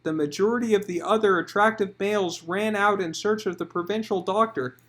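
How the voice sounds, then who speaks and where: A man's voice: high voice, a little fast, fairly bright tone. A man narrating a comic romance audiobook with a dramatic reading.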